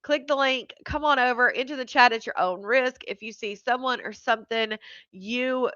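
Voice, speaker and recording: A woman's voice: a little high, normal speed, sharp tone, no echo, lo-fi sound. A woman hosting a casual live stream, greeting viewers by name and laughing often.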